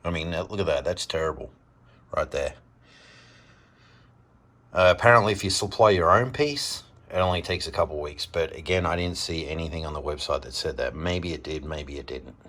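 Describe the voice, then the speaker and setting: A man's voice: rumbling low, normal speed, pushed and bright. An Australian man ranting casually in a car vlog, frustrated and swearing freely between jokes. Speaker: car vlogger.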